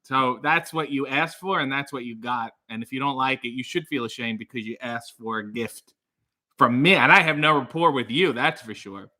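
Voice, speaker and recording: A man hosting a comic livestream, rambling in a mock-serious deadpan way and swearing. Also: medium pitch, moderate pace. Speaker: host. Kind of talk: comedic livestream monologue.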